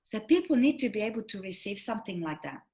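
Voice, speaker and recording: A fast-talking middle-aged woman with a medium-pitched voice works as a relationship coach. Chatting casually, she animates her anecdotes by acting out quotes and impersonating the people involved.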